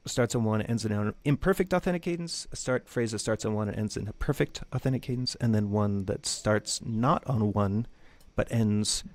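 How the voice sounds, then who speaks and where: A man's voice: lowish voice, moderate pace, hardly any pauses. A man teaching music theory in a loose, conversational lecture with jokey asides. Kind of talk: casual lecture.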